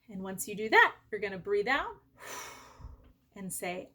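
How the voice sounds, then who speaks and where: A woman teaching a Sunday school lesson to young children, speaking gently and encouragingly, slow and clear. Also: medium pitch, very animated.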